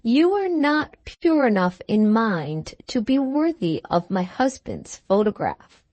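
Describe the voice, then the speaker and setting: A woman voicing a wealthy, composed lady who answers with calm, cutting words. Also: on the high side, takes it slowly, dry recording, full character voice. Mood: coolly defiant. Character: wealthy, cool, self-assured woman engaged to a young lord.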